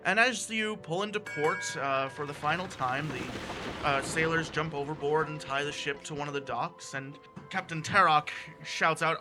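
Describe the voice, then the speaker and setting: A man's voice: a little high, moderate pace, music in the background. A man narrating as game master of a tabletop game, describing scenes and correcting himself as he goes. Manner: descriptive with frequent self-corrections.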